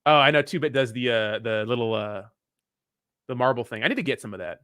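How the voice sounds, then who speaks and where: A man's voice: mid-range voice, expressive, brisk, a bit bright, clear, resonant tone, dry recording, clean studio sound. A young man hosting a casual livestream, answering viewer comments in a blunt, profane, rambling way. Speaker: crypto livestream host.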